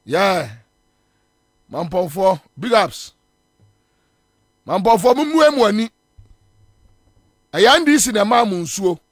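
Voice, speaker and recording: In clean studio sound with no room echo, a high-voiced Ghanaian morning radio host speaks slowly and expressively, pausing often. His political commentary is combative and scornful, driven by repeated phrases for emphasis.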